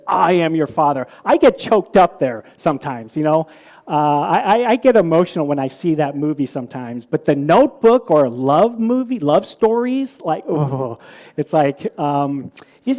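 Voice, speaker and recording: With a fairly high, slightly mellow voice, a preacher gives a chatty sermon to a live audience, telling stories full of restarts and repeated words and then questioning his listeners.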